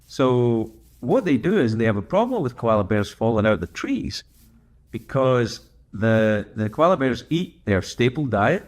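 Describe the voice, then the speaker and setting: A man's voice: mid-range voice, big pitch swings, a little slow. A man hosting a livestream, telling rambling, self-correcting stories in casual chat while gaming. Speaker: livestream host.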